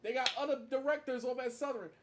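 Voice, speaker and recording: Man, high-pitched, emphatic vlog tribute with lots of repetition. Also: fairly even intonation, quick pace. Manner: emphatic, repeats his points for stress. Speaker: marching band fan vlogger. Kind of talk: casual tribute monologue to camera.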